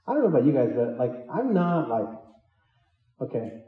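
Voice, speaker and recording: Animated male pastor in a roomy hall. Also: medium pitch, moderate pace, far from the mic, phone-quality sound. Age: adult with children. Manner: animated, joking, acts out the disciples' lines. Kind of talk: sermon. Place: church hall.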